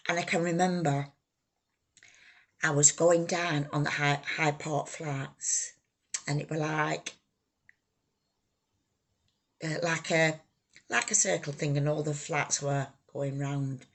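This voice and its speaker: A woman telling her own life story, halting, raw and emotional, swearing freely. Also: low voice, fairly even intonation. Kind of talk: personal life story told to camera.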